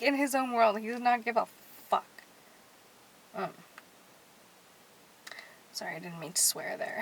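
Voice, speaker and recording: A woman's voice: a little high, a bit bright, low-quality recording. A young woman vlogging casually to her viewers from a parked car at night, bubbly and chatty, sometimes dropping to a whisper. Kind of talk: casual rambling chat to viewers.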